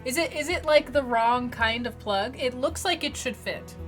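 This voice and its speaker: A woman's voice: sits high, normal speed, faint music behind. A woman streamer giving casual, joking commentary as she plays a mystery game. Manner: chatty, joking, reacting aloud with laughs.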